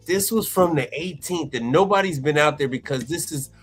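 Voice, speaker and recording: On a live stream about commercial appliance repair, a man reads through inspection reports, letting out excitable, theatrical exclamations. His pitch is fairly high and his pace normal, with hardly any pauses. Faint music plays behind him.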